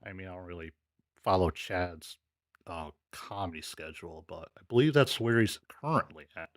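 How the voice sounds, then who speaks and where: A man's voice: deep voice, moderate pace, no room sound, clean studio sound. A man hosting a show, commenting casually on played clips in a hesitant, laid-back way with many fillers. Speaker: show host reviewing clips.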